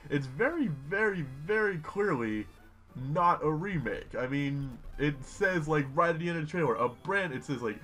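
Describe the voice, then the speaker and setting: Casual young dude rambling excitedly over a game, faint music underneath. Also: male voice, on the high side, moderate pace. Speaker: gaming YouTuber. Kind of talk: casual Let's Play commentary.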